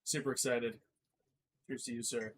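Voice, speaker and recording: A man co-hosting a live whiskey tasting stream, joking and laughing loudly. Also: medium pitch, moderate pace, slight background noise. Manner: jokey, laughs loudly, lively. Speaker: podcast co-host. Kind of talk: casual tasting chat.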